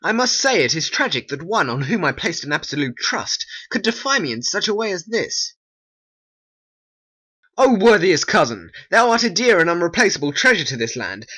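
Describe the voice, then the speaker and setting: A performer playing a gracious old king in a homemade stop-motion play. The speech is formal and stately, with a bright tone and a lively pitch. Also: brisk, husky, full character voice. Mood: grateful. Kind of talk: homemade animation voice acting.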